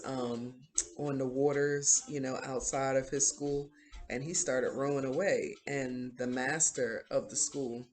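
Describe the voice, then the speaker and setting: A woman's voice: extremely low pitch, darkish tone. A woman hosting a video who retells a series in a casual, rambling way, with many fillers. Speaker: video host. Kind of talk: casual show recap.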